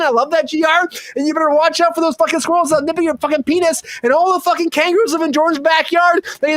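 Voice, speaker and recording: High-pitched male comedy show host, rambling and profane. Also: sharp tone. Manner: rambling, profane, riffing rapid-fire. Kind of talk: live comedy talk show.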